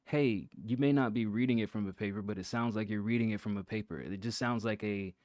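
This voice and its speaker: A man with a lowish voice hosts a casual review of a listener's rap track. He talks loosely, with plenty of "like" and restarts. The sound is dry and close, with no room around it. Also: a little fast, dry recording. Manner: relaxed, talks through thoughts with many fillers and restarts.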